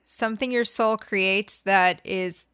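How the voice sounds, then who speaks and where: A woman co-hosting a podcast, reacting with quick, amused comments. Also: mid-range voice, steady tone, pushed and bright, clean tone, dry recording. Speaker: podcast co-host. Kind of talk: casual chat.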